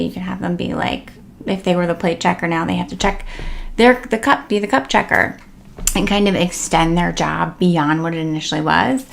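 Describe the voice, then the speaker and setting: A woman's voice: fairly low pitch, brisk, vocal fry. A woman giving casual, chatty parenting tips as the host of a tip series, with many fillers and upbeat emphasis. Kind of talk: casual instructional talk to camera.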